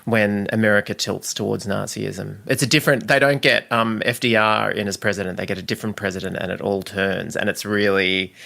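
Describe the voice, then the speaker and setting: A man, a guest friend on a podcast, chatting in an animated, gossipy way. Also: fairly low pitch, vocal fry. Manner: animated, gossipy, quick to laugh. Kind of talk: casual chat.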